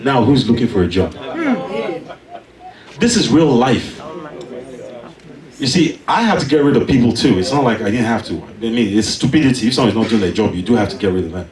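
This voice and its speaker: A man preaching a sermon, telling a personal story with animated delivery and emphatic peaks. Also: mid-range voice, a little fast, long pauses, reverberant, recorded from a distance, poor audio. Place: church.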